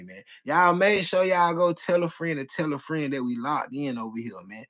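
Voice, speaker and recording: A man's voice: on the high side, lively intonation, brisk, hardly any pauses, fairly bright tone. A man hosting a casual live stream, chatting loosely with viewers in slang and repeating his phrases over and over. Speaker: livestream host.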